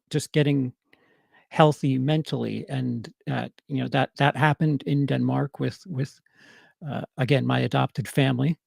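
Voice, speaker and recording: A man's voice: fairly high pitch, vocal fry, darkish tone, dry recording, clean studio sound. A man with a New York accent chatting casually on a livestream, answering his chat with lots of stammered restarts and fillers.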